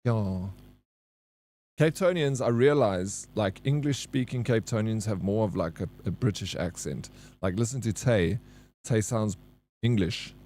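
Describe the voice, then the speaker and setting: A man's voice: fairly low pitch, moderate pace, a little mellow, a little hiss or hum. Rambling South African streamer man. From Johannesburg, South Africa. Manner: loose and rambling, reads chat aloud, laughs easily. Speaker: live streamer. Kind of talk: casual chat with viewers.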